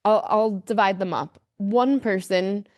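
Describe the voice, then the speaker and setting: A woman's voice: medium pitch, unhurried, no echo, clean studio sound. A woman as a podcast guest, speaking candidly and emphatically, with a lot of fillers. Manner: earnest, emphatic storyteller, many fillers.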